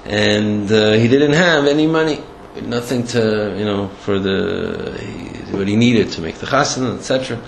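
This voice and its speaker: A man giving a storytelling Torah lecture in a halting way, with many restarts and Hebrew and Yiddish terms. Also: on the low side, creaky. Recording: echoey room, faint background noise.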